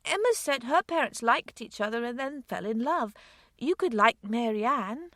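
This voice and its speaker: A woman voicing an earnest, eager little girl of six in an audiobook, high and pleading. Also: lively intonation, normal speed, a bit bright, no echo, clean studio sound. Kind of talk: audiobook character voice.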